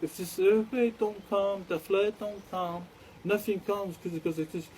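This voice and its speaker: A man's voice: sits high, steady tone, a little slow, darkish tone, a little hiss or hum, low-quality recording. A man telling a rambling story, repeating phrases and acting out what others said.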